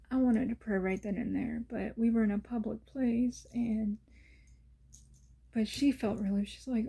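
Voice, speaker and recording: A woman's voice: medium pitch, steady tone, moderate pace, vocal fry, warm tone, husky. A woman vlogger telling personal stories in an earnest, emotional way, often dropping to a whisper. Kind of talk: casual personal storytelling.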